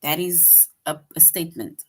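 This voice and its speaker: A woman's voice: deep voice, moderate pace, breathy edge. A woman teaching a grammar lesson to young children, patient and repetitive, checking in with "right?" after each point.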